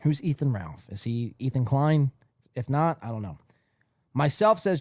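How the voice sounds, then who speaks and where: In clean studio sound with no echo, a man with an animated mid-range voice and darkish tone talks a little slowly. He's hosting a live podcast after a long stream, tired, rambling casually and laughing as he reads chat messages aloud.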